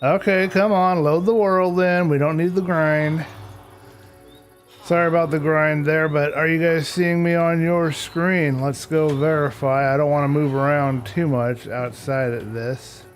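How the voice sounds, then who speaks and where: A man's voice: a little high, fairly even intonation, a little slow, soft background music. Chatty man streaming a game. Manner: chatty, talks to himself and viewers, mildly grumbling about tech. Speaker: live streamer. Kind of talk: casual live-stream chat while gaming.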